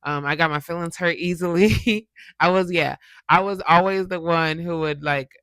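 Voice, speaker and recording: A woman giving a casual motivational talk straight to her viewers, chatty and animated, checking in with them often. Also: fairly low pitch, normal speed, clear, resonant tone, dry recording. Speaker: motivational YouTuber and podcast host.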